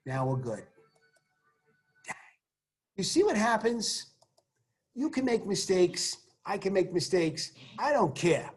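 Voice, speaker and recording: A man teaching chemistry in a recorded online lesson. He walks through the examples with joking asides and keeps urging students to say the formulas out loud. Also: sits high, sing-song, slow, long pauses. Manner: encouraging, coaching students to say formulas aloud.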